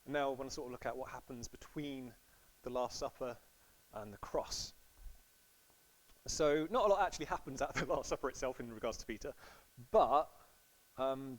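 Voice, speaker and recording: A man's voice: mid-range voice, low-quality recording. A man preaching a sermon in a casual, storytelling way, acting out quotes playfully.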